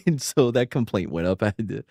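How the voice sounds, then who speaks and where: A man's voice: fairly low pitch, vocal fry, warm tone, dry recording, studio quality. A male podcast co-host telling stories casually, restarting sentences and swearing along the way. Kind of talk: casual storytelling.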